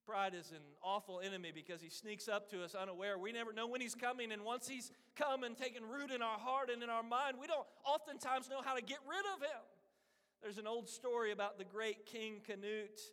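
A man's voice: very high-pitched, steady tone, brisk, bright, forceful tone. A man preaching a sermon, telling a story and acting out the voices of its characters. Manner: earnest preaching, acts out quoted voices. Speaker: pastor. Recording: long hall reverb.

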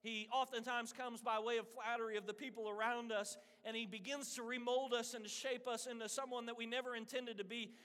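A man's voice: extremely high pitch, little pitch movement, fairly quick, few pauses, fairly bright tone. A man preaching a sermon, telling a story and acting out the voices of its characters. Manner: earnest preaching, acts out quoted voices. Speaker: pastor. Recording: long hall reverb.

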